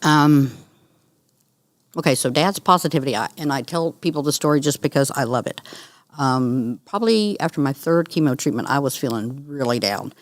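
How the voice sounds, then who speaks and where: A middle-aged woman, a guest on an interview, telling her story in an earnest, animated way. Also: a bass voice, moderate pace. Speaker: guest, cancer survivor. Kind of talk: conversational interview.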